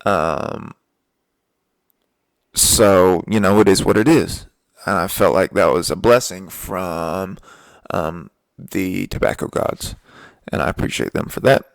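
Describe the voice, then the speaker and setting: A young man hosts a podcast, delivering a casual storytelling monologue full of laid-back, profane rants. His voice is deep, slow and gravelly, he pauses often, and the recording is dry.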